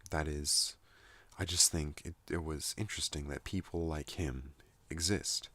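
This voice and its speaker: Male ASMR host, very low and slow, soothing soft-spoken ramble, dry close sound. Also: fairly even intonation, dry recording. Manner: soothing, unhurried monologue. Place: at home in a trailer.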